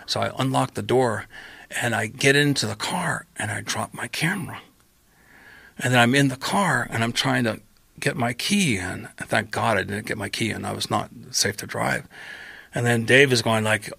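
A man guest on a podcast telling a long story in casual chat, acting out his own past lines with lively quoted voices. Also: medium pitch, fairly quick, gravelly, husky, dry recording.

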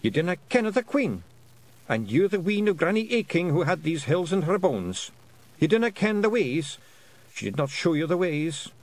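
A man's voice: a little high, very animated, moderate pace, pitched above the performer's own voice. A man doing Rob Anybody, a tiny Scottish fairy chief. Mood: worried. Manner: worried, pleading, thick dialect. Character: tiny anxious male fairy clan chief. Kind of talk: audiobook character voice.

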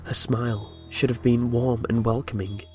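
A man's voice: medium pitch, level tone, normal speed. A man telling a first-person horror story with tense, dramatic narration. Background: faint music.

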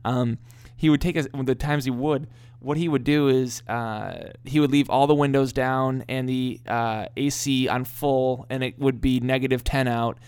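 A man's voice: mid-range voice, unhurried, clean tone. Guy telling a funny story about his dad on a podcast, laughs a lot, keeps restarting. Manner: animated storyteller, laughs often, many restarts. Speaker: podcast co-host. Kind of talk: casual storytelling chat.

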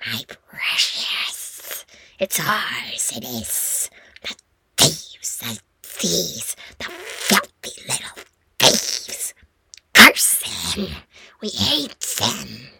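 A woman voicing a wretched ancient male cave creature in a hoarse, rasping whisper with drawn-out hisses, for an audiobook reading. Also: low voice, wildly swooping pitch, pushed and bright, pitched below the performer's own voice, exaggerated voice. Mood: hissing, spiteful.

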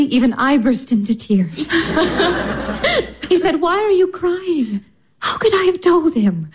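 A woman playing a gentle elder sister in a radio play, speaking softly and soothingly with light laughs. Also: high-pitched, breathy edge, full character voice. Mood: consoling. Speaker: stage actress in a radio drama.

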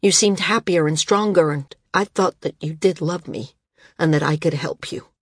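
A grave, weary man, voiced by a woman narrator, measured and sorrowful in delivery. The voice is husky and dry, recorded up close. Audiobook character reading. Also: low voice, no echo. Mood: hurt.

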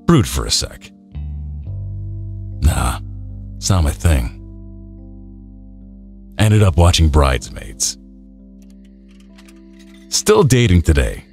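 A man reads an internet story aloud in a slow, brooding manner. His voice is extremely deep, and he takes his time, yet his pitch rises and falls widely. Soft guitar music plays faintly behind him. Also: very animated. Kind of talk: reading a greentext story.

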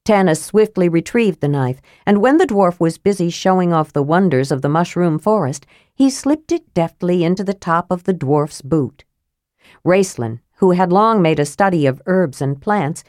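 A woman narrating a fantasy novel in a steady, even reading voice. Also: lowish voice, dry recording, clean studio sound. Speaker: audiobook narrator.

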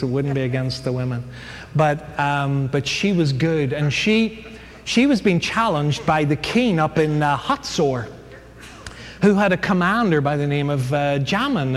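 A man giving a humorous Bible lecture to an audience, chatty and digressive, with many fillers and jokes. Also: fairly high pitch. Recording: long hall reverb, faint noise.

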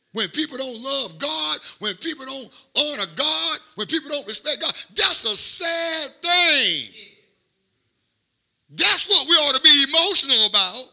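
With a gravelly, extremely high voice, a middle-aged pastor delivers his sermon in rhythmic cadence. He moves between quiet asides and shouted peaks.

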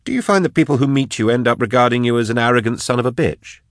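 A man voicing a prickly, defensive older male biologist in an audiobook, talking quickly and indignantly. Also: animated, fairly bright tone, dry recording, clean studio sound. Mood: irritated. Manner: indignant, quick, higher pitched. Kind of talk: audiobook narration.

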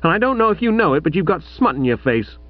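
A brash young society woman snaps and scolds in a raised, quick voice, as a male audiobook reader puts her on. The lines leap up and down in pitch. The recording sounds a little dull and muffled, close and dry. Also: sing-song, no echo. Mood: scolding.

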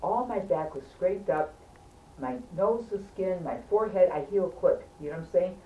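Animated woman telling a story, far from the mic. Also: fairly low pitch, normal speed, narrow, tinny audio. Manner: animated, emphatic, keeps checking in with listeners. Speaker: storyteller among friends. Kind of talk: casual anecdote. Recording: roomy, distant, faint background hum.

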